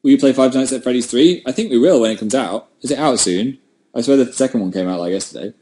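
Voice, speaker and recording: His mid-range voice is warm and fast as he chats casually on a home livestream. Replying to viewer comments through a webcam mic, the host rambles and jokes at his own expense.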